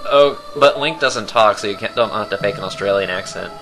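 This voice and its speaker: Game music and other background noise sit behind this young man's fairly low, fairly quick voice. Co-hosting a let's play, he keeps up a rambling, jokey, giggly commentary.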